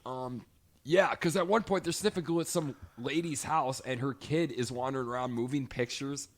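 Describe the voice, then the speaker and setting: A young man co-hosting a podcast, chatting casually and profanely about a movie and shouting out lines from it. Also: medium pitch, moderate pace. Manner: profane, emphatic, mimics lines loudly. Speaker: podcast co-host. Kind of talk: casual film discussion.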